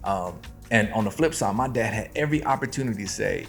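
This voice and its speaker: A man's voice: lowish voice, a little fast, creaky, faint music behind. A man co-hosting a podcast, telling a personal story in casual chat with frequent laughs. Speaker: podcast co-host.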